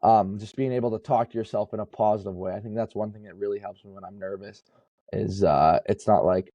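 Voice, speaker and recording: A young man who plays college baseball guests on a podcast, speaking in a mellow, fairly low voice with even intonation and a brisk pace. He's casual and earnest in this interview talk, rambling and correcting himself. The recording is muffled with no room sound.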